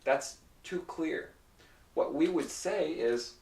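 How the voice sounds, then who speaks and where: Male ESL teacher, slow, patient delivery, heard at a distance in a roomy space. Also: on the high side, expressive, vocal fry, darkish tone. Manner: explains patiently, repeats example phrases slowly. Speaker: English pronunciation teacher. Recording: roomy echo, mic at a distance.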